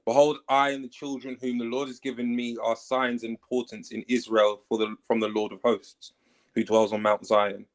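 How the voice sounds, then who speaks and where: A man's voice: mid-range voice, level tone, normal speed, poor audio. A man in a casual online panel debate, reading scripture aloud at length and arguing his reading.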